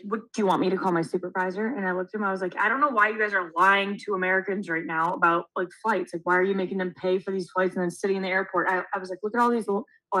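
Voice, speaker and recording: On a roughly recorded podcast, a young female co-host swears freely while telling a story in casual conversation. She's animated, acts out quotes, and speaks in a mid-range voice.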